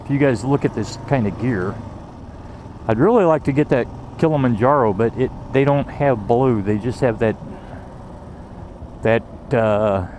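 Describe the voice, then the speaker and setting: A man's voice: mid-range voice, a little slow, darkish tone, slight background noise. A man casually reviewing his riding gear, rambling with lots of fillers and restarts and some swearing.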